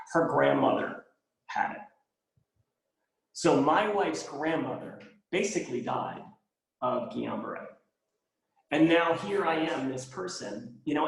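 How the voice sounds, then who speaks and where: A man's voice: medium pitch, animated, measured pace, vocal fry. A man telling a personal story in a conversation, earnest and emphatic, repeating phrases for stress. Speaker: guest speaker. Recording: roomy echo.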